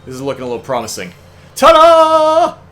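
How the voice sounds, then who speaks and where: A man's voice: medium pitch, big pitch swings, moderate pace, a bit bright, soft background music. A young man co-hosting a let's play, chatting casually and wryly, often exasperated and laughing. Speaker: co-host. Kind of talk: casual gameplay chat.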